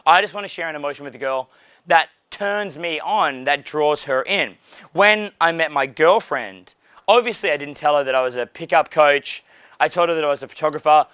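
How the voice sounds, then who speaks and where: Brief: a profane, animated man in his thirties, dating coach, slightly high voice, dry close recording. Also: normal speed, clean tone, dry recording. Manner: profane, animated, acts out dialogues. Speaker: pickup coach. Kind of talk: casual coaching talk.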